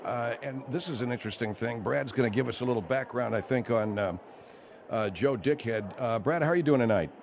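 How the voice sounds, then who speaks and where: A man hosting a call-in radio talk show, animated and refereeing his callers. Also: medium pitch, a little fast, vocal fry, highs cut off, background noise.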